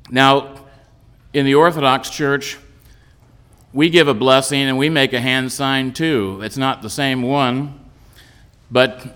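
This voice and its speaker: Man, Orthodox priest, patient explanatory sermon, mid-pitched voice, reverberant hall. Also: fairly bright tone, clear, resonant tone. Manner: patient, explanatory, with frequent restarts. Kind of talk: teaching sermon on a psalm.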